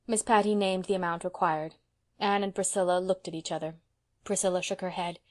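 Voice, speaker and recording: A woman reading a classic novel aloud as an audiobook narrator, softly and evenly. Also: on the low side, steady tone, brisk.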